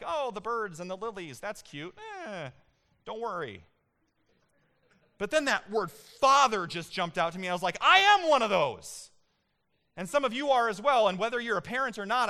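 A man in his thirties delivers a sermon with a bright, high tenor. His tone is smooth and clear, and he shifts between animated storytelling and emphatic points. He sounds like a pastor speaking to a congregation.

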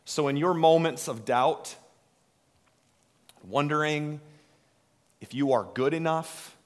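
Slow, dramatic preacher man in a reverberant hall. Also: mid-range voice. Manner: slow, dramatic delivery with hushed drops and swells. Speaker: pastor. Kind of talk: sermon.

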